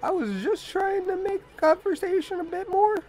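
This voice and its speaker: A man's voice: very high voice, animated, moderate pace, a little mellow, slight background noise, low-quality recording. A man voicing a boastful tiny male wandering artist, reading game dialogue aloud in a brash, cocky manner.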